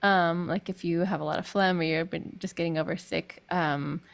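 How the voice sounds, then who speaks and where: A woman's voice: lowish voice, steady tone, moderate pace, gravelly. Chatty woman vocal coach. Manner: chatty, demonstrates sung vowels. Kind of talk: online group singing lesson.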